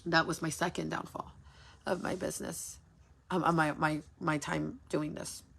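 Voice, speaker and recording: A woman's voice: low voice, level tone, moderate pace, gravelly, a bit bright, slightly rough. A woman who runs a small business, venting frankly in a casual livestream, swearing freely and repeating herself for emphasis. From United States. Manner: frank and profane, repeats phrases.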